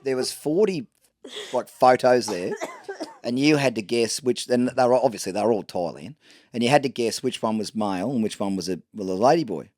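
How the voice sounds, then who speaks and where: Australian man with a cold, joking podcast co-host, lively pitch, dry close mic. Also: brisk, no room sound. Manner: blunt, joking, rambling. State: sick with a cold. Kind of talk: casual chat.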